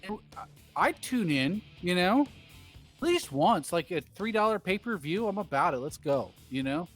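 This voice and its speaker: A man's voice: high voice, big pitch swings, moderate pace, fairly bright tone, soft background music. A man doing rambling, jokey play-by-play commentary on a baseball video game stream.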